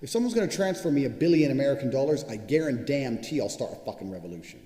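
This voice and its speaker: A man's voice: mid-range voice, expressive, warm tone. A man giving an unscripted motivational talk as a course instructor, swearing often and boasting as he tells stories. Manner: profane, boastful, rapid storytelling. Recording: echoey room with long reverb.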